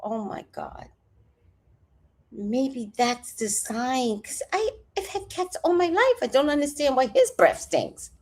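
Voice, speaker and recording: A woman's voice: sits high, sing-song, slow pace, darkish tone. A woman chatting casually on a livestream, reading out comments with rambling, profane asides and jokes. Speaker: vlogger.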